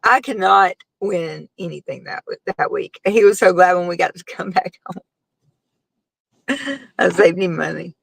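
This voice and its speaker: A middle-aged woman talks in a loose, rambling way to her viewers, her speech full of fillers. Her voice has a gravelly edge. It sounds dry and close, with no room echo. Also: on the low side, lively intonation, normal speed, pauses often. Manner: rambling, chatty storytelling with many fillers. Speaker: host. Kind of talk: casual live chat with viewers.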